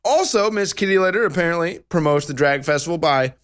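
A talk show host gives pointed, sarcastic commentary in a lively, animated voice. He is a man with a somewhat high pitch. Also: brisk, smooth. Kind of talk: opinionated commentary.

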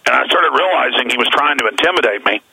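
A man's voice: mid-range voice, expressive, quick pace, vocal fry, sharp tone, a little hiss or hum, poor audio. A man with a Texan accent hosting a talk radio show over the phone from the road, rambling emphatically with many restarts. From Texas. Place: on the road, away from the studio.

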